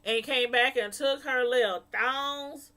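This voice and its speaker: A woman reviews a reality TV episode in a casual, gossipy way, telling the story with lots of animation. Her voice sits a little on the high side. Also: slow. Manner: animated, gossipy, laughing asides.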